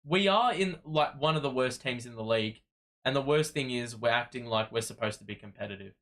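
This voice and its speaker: A man's voice: medium pitch, steady tone, a little fast, fairly bright tone. A man hosting a fan watch-party livestream, talking casually in a weary, frustrated way and rambling with frequent restarts.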